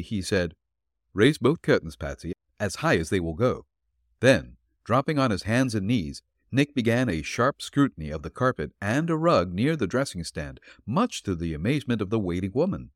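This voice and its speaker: A man narrating a detective story in a low voice that moves expressively up and down. His delivery is steady and measured. The sound is dry and close to the mic. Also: no room sound. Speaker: audiobook narrator.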